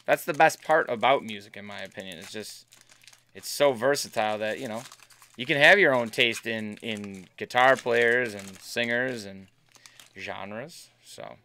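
A man's voice: fairly low pitch, a little slow, pushed and bright, clear, resonant tone. A man hosting a live card break stream, chatting casually and bantering with viewers as he opens packs. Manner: chatty, upbeat, banters with chat.

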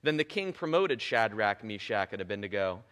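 A man preaching a sermon in a church, retelling a scripture story in a lively, playful way with casual asides. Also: lowish voice, moderate pace. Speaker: pastor. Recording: echoey church hall.

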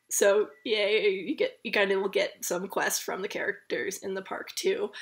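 A woman's voice: medium pitch, a bit bright. A young woman vlogger telling a casual, chatty story about a park visit, full of fillers and asides.

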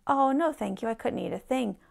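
A man voicing an eager little female elf who talks high and breathless, in a read-aloud storybook. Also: animated, a little fast, creaky, heavily acted.

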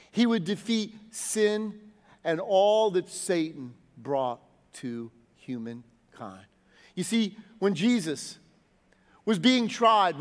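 A man preaching a sermon as pastor, swinging from loud rising lines to low, soft phrase endings. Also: long reverb tail.

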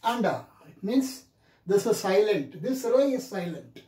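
Slow, deliberate male teacher in an echoey room. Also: high-pitched, animated, mellow. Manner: repeats example words several times, drawn-out and deliberate. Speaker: English pronunciation teacher. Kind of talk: classroom lecture.

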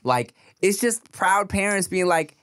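A man's voice: sits high, lively intonation, a little slow, fairly bright tone, smooth. A man hosting a podcast in casual chat, with laid-back, slangy banter and frequent laughter. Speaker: podcast host.

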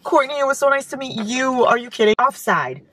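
A woman chatting casually in a car as a book vlogger, gushing and excitable, her voice jumping up into squeals. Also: high-pitched, fairly quick, dry recording. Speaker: book vlogger opening fan mail. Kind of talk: casual chat. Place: inside a parked car.

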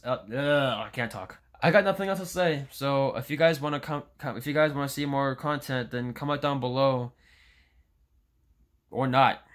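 A young man in his late teens talks straight to his viewers in a casual vlog rant. He sounds fed up, circles back over the same points, restarts his sentences and swears freely. His voice sits at an ordinary middle pitch for a man. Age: young adult. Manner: frustrated, rambling with restarts and frequent swearing. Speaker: YouTuber.

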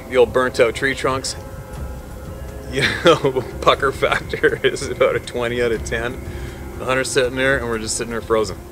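A man of middle pitch tells a gripping hunting story with lots of energy. He laughs often between phrases and swears casually. Music plays behind him. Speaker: hunting guide. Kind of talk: animated storytelling.

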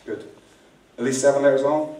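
A man's voice: medium pitch, steady tone, fairly quick, dark tone. Male magician, teasing crowd work, distant echoey live recording. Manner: playful, teasing, directs volunteers. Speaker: magician performing mind-reading. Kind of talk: live stage magic patter. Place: large indoor venue with audience. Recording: echoey room, distant mic, faint noise.

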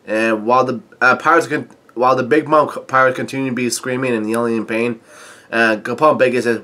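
A man reviewing a manga chapter gives a casual recap and commentary in a bright, medium-pitched voice. He speaks haltingly, stopping and starting with frequent filler sounds, and reads quoted lines mostly flat.

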